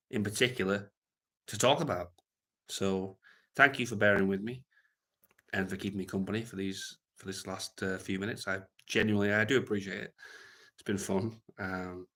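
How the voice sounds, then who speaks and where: British man, livestream host, unscripted chat, crude jokes, trails off, bright tense tone. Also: lowish voice. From Britain. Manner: rambling, crude and joking, trailing off into mumbles.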